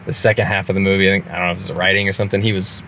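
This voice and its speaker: A man's voice: low voice, level tone, very fast, sharp tone, slight background noise. A man co-hosting a casual podcast movie review, talking in a rambling way with restarts and laughs. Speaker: podcast co-host.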